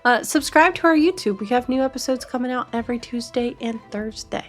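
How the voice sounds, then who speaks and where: A woman game master wrapping up a stream in casual chat, upbeat and quick to laugh. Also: on the high side, soft background music.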